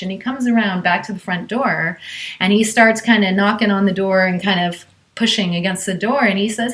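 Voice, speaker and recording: Woman storyteller from Southern California, conversational and chatty, mid pitch. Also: steady tone, moderate pace. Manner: conversational, with many fillers. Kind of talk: live personal storytelling.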